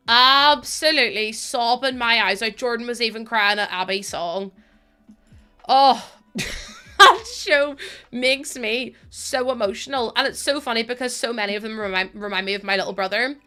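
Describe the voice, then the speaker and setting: Streaming a building game on Twitch, this young woman has a highish, sharp voice that is clear and resonant. She chats casually with her audience during gameplay, laughing often, cursing and addressing chat directly.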